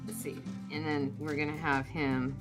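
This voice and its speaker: A woman chatting casually on a podcast, musing and halting as she searches for words. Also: low voice, level tone, over music. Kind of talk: casual chat.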